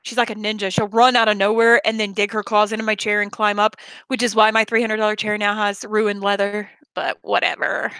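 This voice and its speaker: Bright, sharp-voiced woman streamer. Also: mid-range voice, flat delivery, fairly quick, few pauses, smooth, no echo. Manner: heavy swearing, blunt and confrontational. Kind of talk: angry rant on a live stream.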